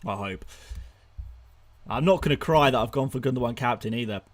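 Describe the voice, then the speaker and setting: A young man hosting a live stream, firing off rapid answers to viewer questions, excitable and laughing often, out of breath at times. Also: medium pitch. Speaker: fantasy football streamer.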